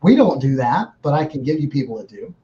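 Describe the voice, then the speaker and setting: A man's voice: mid-range voice, sing-song, fast talker, warm tone, dull audio. A man, a guest running a remodeling business, telling a story casually and restarting his phrases often. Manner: repeats words and restarts phrases.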